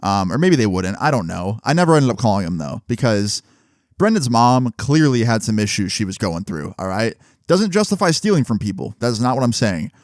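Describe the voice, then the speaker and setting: Young dude rambling through a storytime fast, swears a lot, dry close sound. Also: male voice, on the low side, big pitch swings, darkish tone, no room sound. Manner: profane, rambling, retells dialogue in quotes. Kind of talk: casual storytime vlog.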